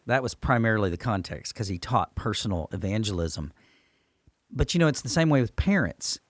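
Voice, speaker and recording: A man's voice: lowish voice, sing-song, brisk, no room sound, studio quality. A man, a pastor, talking earnestly and with emphasis in a church podcast discussion.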